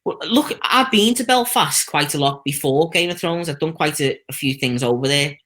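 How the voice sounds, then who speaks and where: A man's voice: fairly high pitch, moderate pace. A man with a Liverpool accent, a stuntman telling stories in a casual interview. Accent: Liverpool (Scouse). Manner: chatty storytelling, lively anecdotes with quoted voices. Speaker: stuntman guest.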